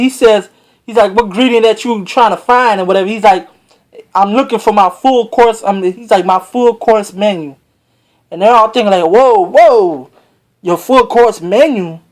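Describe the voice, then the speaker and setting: A speaker giving an excitable, rambling, slang-heavy and profane casual recap of a manga chapter as a reviewer. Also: mid-range voice. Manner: rambling with many fillers and restarts.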